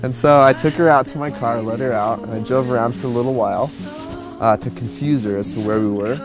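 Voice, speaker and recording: Talking fairly quickly at a medium pitch, a twenty-something groom-to-be shares his love story in a casual interview, from how they met to the proposal. He's laid-back, chuckling, and uses many fillers. There's soft music underneath.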